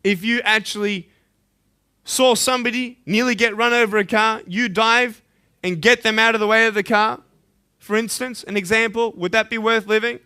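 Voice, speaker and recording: Impassioned Australian man, bright voice. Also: high-pitched, fairly even intonation, moderate pace, smooth. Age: 30s. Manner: impassioned, swings from loud pleading to hushed intensity. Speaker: motivational speaker. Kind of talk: motivational school assembly speech.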